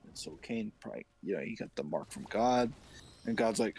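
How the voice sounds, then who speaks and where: A man's voice: lowish voice, animated, brisk, vocal fry, a little mellow, slightly rough, rough recording. A young man chatting on a stream, rambling in a crude, mock-serious way. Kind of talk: casual stream chat.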